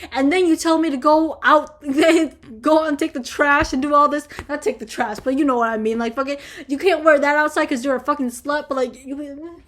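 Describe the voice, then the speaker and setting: Young woman with a high voice going off on a rant, swearing nonstop, lots of likes and ums. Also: fairly even intonation, moderate pace, hardly any pauses, a bit bright. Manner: profane, heated ranting with constant fillers. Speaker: vlogger answering viewer questions. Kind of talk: casual ranting chat.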